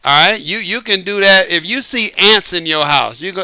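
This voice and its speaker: A man hosting his own show as an author, giving a casual, lively monologue, repeating himself and laughing often. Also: high voice, normal speed, clear, resonant tone, dry recording. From United States. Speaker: podcast host and author. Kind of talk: casual late-night monologue. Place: Southern California.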